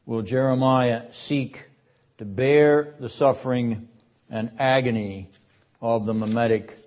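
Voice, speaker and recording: An older man teaching a seminary class on scripture in a measured, deliberate lecture style. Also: fairly low pitch, a little mellow. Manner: measured, deliberate delivery, rising in force for quoted verses. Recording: dull lo-fi lecture recording.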